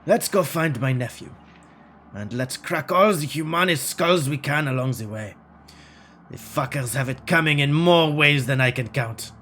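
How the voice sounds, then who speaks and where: A man voicing a gruff, vengeful German punk uncle in a game, with a put-on German accent. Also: fairly high pitch, moderate pace, fairly bright tone, a little hiss or hum, lightly acted.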